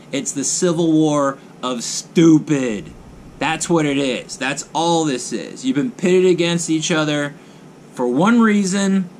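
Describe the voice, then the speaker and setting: A man's voice: on the high side, a little hiss or hum. A man hosting his own vlog, ranting in blunt, mocking commentary and hammering phrases over and over. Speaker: vlogger host.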